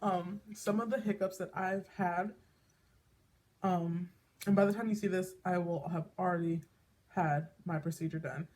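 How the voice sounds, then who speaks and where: A woman's voice: fairly low pitch, fairly even intonation, unhurried, a little mellow, slight background noise. A woman talking candidly in a personal vlog, rambling with lots of fillers and restarts, emotional enough to tear up. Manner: emotional, tearing up at times. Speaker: vlogger.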